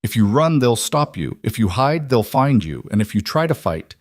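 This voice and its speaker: A man voicing a cold, commanding mafia boss of about forty, speaking in a calm, measured and quietly threatening way. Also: medium pitch, dry recording, clean studio sound.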